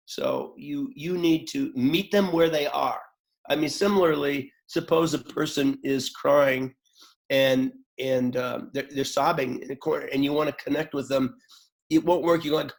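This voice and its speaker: Male teacher, slightly high voice, thoughtful webchat explainer with fillers and restarts. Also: gravelly. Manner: acts out upset and calm voices in examples. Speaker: group facilitation teacher. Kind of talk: webchat talk.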